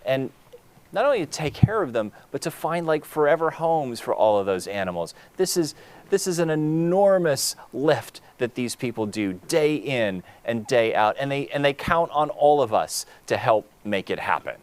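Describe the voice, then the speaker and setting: Earnest, rambling male co-host with an animated voice. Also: medium pitch, moderate pace. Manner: earnest, rambling, many fillers and restarts. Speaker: gala co-host. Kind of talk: heartfelt live co-hosting.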